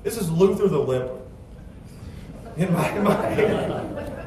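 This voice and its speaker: A man preaching with a high voice that rings through a very echoey space. He's heard from some distance off the mic, with a faint hum behind him. He drops into quiet storytelling, then climbs into loud, emphatic preaching. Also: sing-song, measured pace, a loud crowd. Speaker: pastor. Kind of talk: sermon. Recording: echoey church sound from a distance.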